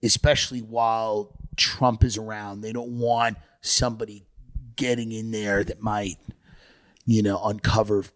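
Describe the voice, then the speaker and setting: A man's voice: lowish voice, flat delivery, measured pace. A man co-hosting a comedy podcast, riffing loosely and putting on mocking impressions, often breaking into laughter. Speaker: podcast co-host. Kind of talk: casual comedic chat.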